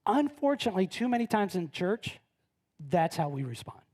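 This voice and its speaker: A woman's voice: sing-song, moderate pace, warm tone. A middle-aged woman pastor delivering a conversational sermon, telling stories with frequent tag questions and acting out the voices of the people in them. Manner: chatty storytelling, frequent "right?" tag questions; acts out quoted voices with big pitch jumps. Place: church sanctuary.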